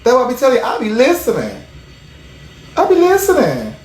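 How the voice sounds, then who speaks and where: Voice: medium pitch, wildly swooping pitch, brisk, echoey room. A livestream host chatting casually to viewers in a sassy, emphatic way, repeating phrases for effect. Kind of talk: casual live commentary to viewers.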